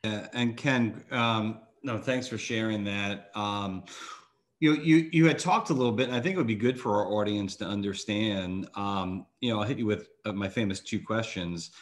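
A man's voice: fairly low pitch, normal speed. A man who is a financial advisor and hosts the show. He asks long, rambling questions full of "you know" and restarts. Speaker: financial advisor, podcast host. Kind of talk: interview questions.

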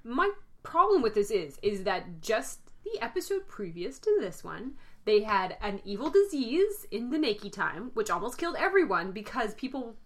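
A woman co-hosting a casual chat podcast, joking and teasing with quick asides. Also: on the high side, sing-song. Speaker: podcast co-host.

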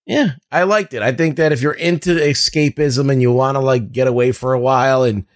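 A man's voice: medium pitch, fairly quick, no room sound, studio quality. Rambling, cursing man on a podcast. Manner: rambling, profane, lots of fillers. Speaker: podcast co-host. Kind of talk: casual review chat.

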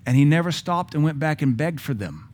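A pastor preaching a sermon with a Southern American accent, blunt and sarcastic, acting out quotes. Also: male voice, on the high side, lively intonation, fairly quick, darkish tone.

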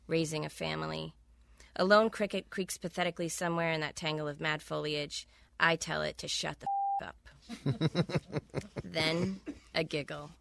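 A woman's voice: low-pitched, vocal fry, fairly bright tone, dry recording. A woman author reading a wry, candid first-person passage from her own novel on a close studio mic.

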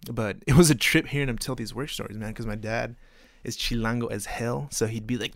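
A man's voice: mid-range voice, steady tone, brisk, gravelly, dry recording, studio quality. A man from Texas hosting a podcast, rambling in a profane, self-mocking way. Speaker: podcast host. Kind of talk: casual podcast monologue.

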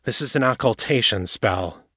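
A man's voice: medium pitch, moderate pace, pushed and bright, slightly rough, dry recording, studio quality. A man voicing a frustrated female magic investigator in an audiobook, sour and clipped. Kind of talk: audiobook character voice.

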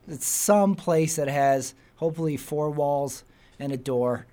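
A man's voice: a little high, unhurried, warm tone. A man co-hosting a comedy podcast, riffing and joking on the others' lines. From Texas or the American South. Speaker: comedian co-host. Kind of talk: casual podcast chat.

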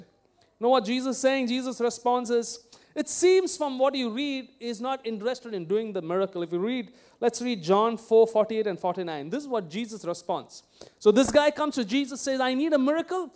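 A man's voice: very high-pitched, a little mellow. A middle-aged man, preaching a sermon as pastor, chatting with the congregation through questions and personal stories. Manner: conversational, asks the congregation questions, tells personal anecdotes.

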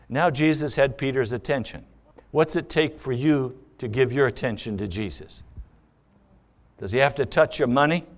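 Male pastor, sermon delivery, voice a bit on the high side, acts out dialogue as he preaches. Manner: preaching with questions, acting out quoted dialogue.

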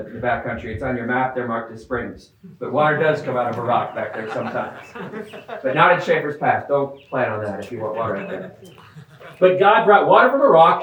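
Priest giving a distant, echoey homily. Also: male voice, on the high side, fairly bright tone. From Midwestern US. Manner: conversational, with joking asides and repeated words. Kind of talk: outdoor homily. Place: outdoors in the mountains. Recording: echoey, distant outdoor sound.

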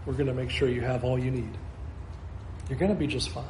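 A man's voice: mid-range voice, steady tone, fairly quick, a little mellow, reverberant, a little hiss or hum. A man preaching a sermon as pastor, earnest and repetitive, asking his listeners question after question.

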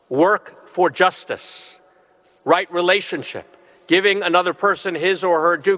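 A middle-aged man, a bishop, preaching a sermon with earnest, slow and emphatic phrasing. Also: on the high side, a bit bright. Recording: long reverb of a large hall.

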